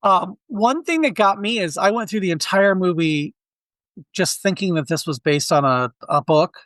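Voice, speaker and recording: This man co-hosts a casual movie review podcast, his voice sitting high at a normal speed in a dry recording. He's an animated storyteller who restarts a lot and acts out quotes.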